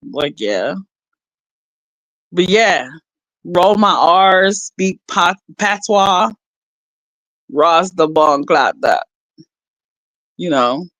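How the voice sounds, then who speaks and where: A woman's voice: lowish voice, lively intonation, extremely slow, pauses often, fairly bright tone, dry recording, rough recording. A woman chatting casually on a livestream, rambling and laughing as she reads her viewers' chat aloud.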